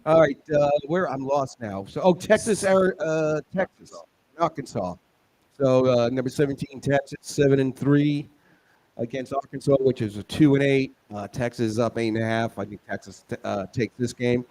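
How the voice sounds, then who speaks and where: A man's voice: medium pitch, moderate pace, darkish tone. A man co-hosting a casual college football picks show, easygoing and chuckling, sometimes losing his place. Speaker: show co-host reading picks. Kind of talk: casual sports betting chat.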